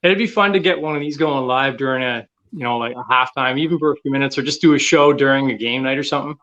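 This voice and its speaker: A man's voice: mid-range voice, quick pace, a bit bright, dull audio. A man from Canada, a fan club member guesting on a live show, eager and laughing along. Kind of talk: casual live-show chat.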